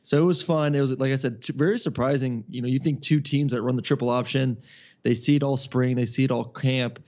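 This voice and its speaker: A man's voice: medium pitch, a little fast. Guy co-hosting a football podcast, chill and chatty, kinda muffled sound. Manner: relaxed, rambling, upbeat, says "man". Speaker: podcast co-host and football broadcaster. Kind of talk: casual sports podcast chat.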